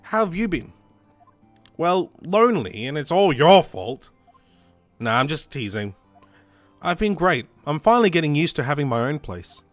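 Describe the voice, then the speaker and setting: A man's voice: fairly high pitch, big pitch swings, moderate pace, long pauses, no room sound, faint music behind. A man voicing a cheerful, teasing teenage girl in a game, the playful younger sister. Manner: bouncy, teasing.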